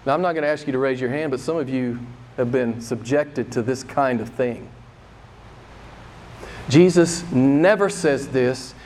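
A man's voice: fairly even intonation, a little fast, darkish tone, slight background noise. A man preaching a sermon as pastor, emphatic and repeating key phrases for effect, lifting his voice to mimic the people he quotes. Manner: mimics voices with raised pitch when quoting.

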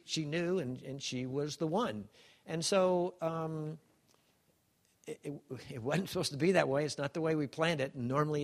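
A man in his seventies giving a heartfelt personal testimony, halting and emotional with many restarts and gentle self-deprecating humor. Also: medium pitch, creaky. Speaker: speaker sharing a personal testimony.

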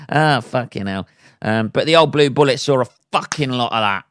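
A man's voice: mid-range voice, fairly bright tone, a little hiss or hum. A man, a stand-up comedian hosting a casual solo podcast, rambling and swearing freely and laughing at his own jokes.

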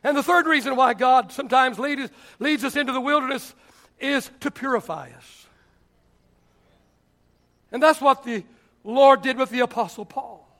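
A man's voice: very high voice, moderate pace, vocal fry, pauses often. A man preaching a sermon as pastor, telling stories and acting out the people he quotes. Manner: animated storytelling preacher, acts out quotes.

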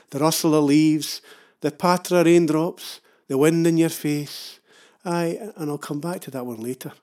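A man's voice: on the high side, darkish tone. An older Scottish man narrating a comic travel story with wry, self-mocking asides. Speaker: travel vlogger.

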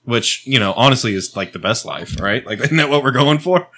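A man in casual banter with friends, animated and teasing. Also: medium pitch, a little fast.

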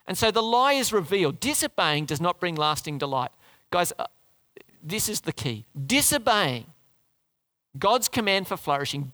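Give me a man preaching a conversational sermon in a bright, animated voice. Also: on the high side, no echo. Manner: lively, conversational, asks the crowd questions, restarts.

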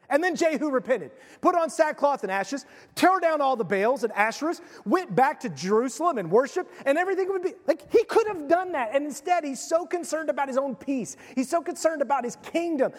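A man's voice: very high-pitched, lively intonation, brisk, big-room sound. A male pastor giving a conversational sermon, retelling a story with casual asides.

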